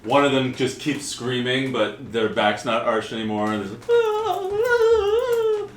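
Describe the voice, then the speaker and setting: Guy running a home tabletop game, crisp bright voice, lots of uh's, echoey room. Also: mid-range voice, steady tone, moderate pace, a little hiss or hum. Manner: loose, laughing narration with many fillers. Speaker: game master.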